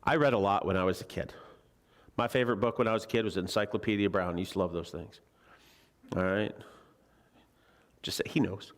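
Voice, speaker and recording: A man's voice: on the low side, fairly quick, pauses often. A male preacher teaching a Bible lesson in a church in a chatty, joking way, often putting questions to the congregation. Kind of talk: conversational sermon. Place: church sanctuary.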